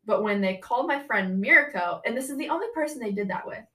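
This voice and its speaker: A woman's voice: fairly high pitch, fast, distant mic. A young woman guesting on a podcast, telling a story in casual chat and saying "like" constantly. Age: young adult. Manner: chatty, heavy use of "like", animated retelling.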